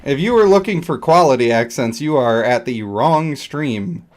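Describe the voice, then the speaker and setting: A man's voice: medium pitch, animated, normal speed. A man streaming a video game, chatting casually in a rambling, joking, self-deprecating way. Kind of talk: casual live-stream chat over gameplay.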